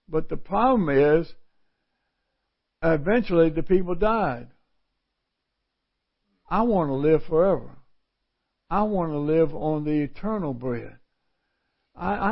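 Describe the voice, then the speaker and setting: A middle-aged man preaching a sermon, reading scripture aloud and explaining it in a folksy way, repeating phrases for emphasis. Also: on the high side. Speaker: pastor. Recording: dull lo-fi recording.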